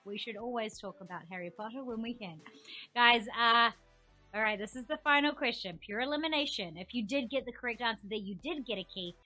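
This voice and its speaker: A young woman hosts a live trivia stream in an upbeat, chatty way, her voice sitting fairly high. She reads each question and the viewers' comments aloud. Faint music plays softly behind her. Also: fairly quick. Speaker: trivia game host. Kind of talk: live-streamed quiz hosting.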